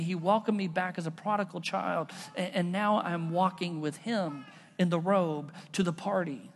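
A pastor preaches a sermon in a casual, conversational style, weaving stories into his message. His voice is high-pitched with vocal fry, and the long reverb of a large hall surrounds it.

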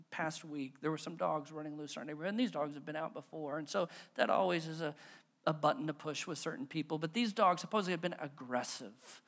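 A pastor preaching a sermon in a relaxed, conversational way, telling everyday stories with folksy humor and asking the congregation questions. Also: medium pitch. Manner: folksy, self-deprecating humor; stumbles and repeats words when driving home a point.

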